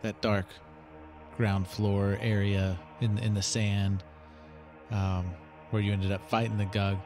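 Male game master, low-pitched, slow and halting delivery. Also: level tone, over music. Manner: hesitant, halting with fillers. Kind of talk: narrating a tabletop game.

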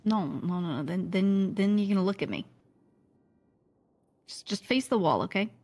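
A woman in casual role-play banter, quiet, sleepy and exasperated. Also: medium pitch, expressive, normal speed, breathy edge. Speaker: role-play player character.

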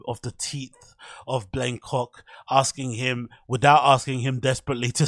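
A man's voice: medium pitch, a bit bright, no echo, clean studio sound. A man hosting a casual solo podcast, chatty and self-mocking. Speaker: podcast host.

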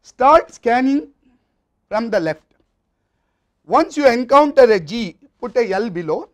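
A man's voice: extremely high pitch, lively intonation, measured pace. A man with an Indian English accent giving a university lecture, explaining step by step in a methodical way.

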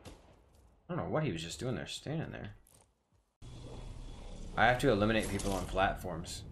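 A man's voice: on the low side, normal speed, long pauses, a little hiss or hum. A man commentating his own gameplay casually, mocking himself and yelping when things go wrong. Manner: self-mocking, excitable yelps. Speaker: gaming streamer.

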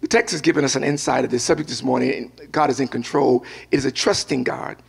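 An older male pastor delivers a sermon. His voice is gravelly and a little husky, set at an ordinary pitch. He moves easily from reading scripture into telling a personal anecdote. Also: fairly even intonation, fast talker. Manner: storytelling preacher, mixes scripture with personal anecdote.

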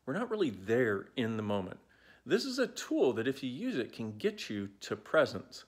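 A man's voice: medium pitch, wildly swooping pitch, normal speed, breathy edge. A man in his forties talking casually to a phone held at arm's length, playful and prone to digressions, coaching his viewers. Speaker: self-help speaker. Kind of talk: casual talk to camera.

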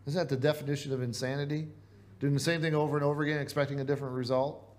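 A man's voice: fairly high pitch, little pitch movement, very fast, a little mellow. A man with a Midwestern American accent preaching a sermon in a church, earnest and conversational, asking the congregation rhetorical questions. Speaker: pastor.

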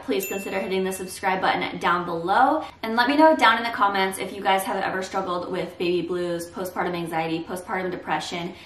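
A woman's voice: mid-range voice, a bit bright, recorded from a distance. Candid young woman vlogging in an echoey room. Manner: candid and reassuring. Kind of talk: casual vlog talk to camera. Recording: roomy echo, a bit off the mic.

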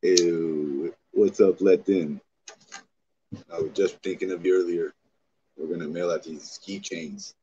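Brief: man, very low voice, excitable profane streamer bantering with chat, dull lo-fi audio with faint hiss. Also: unhurried. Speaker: livestreamer. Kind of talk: casual livestream chat.

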